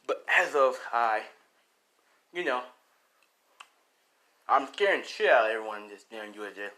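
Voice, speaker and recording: A man improvising a fan-fiction action story, animated and profane, full of sound effects. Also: medium pitch, moderate pace, slight background noise.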